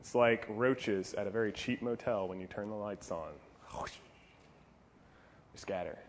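Jokey, animated male youth preacher. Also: lowish voice, normal speed, slight background noise. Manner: animated, jokey, playful asides. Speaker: youth pastor. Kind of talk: youth sermon.

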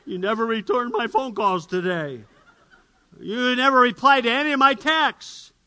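A man's voice: sits high, very animated, sharp tone, exaggerated voice. A man voicing a nagging, demanding wife who fires off one complaint after another. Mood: scolding. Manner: rapid-fire complaining questions.

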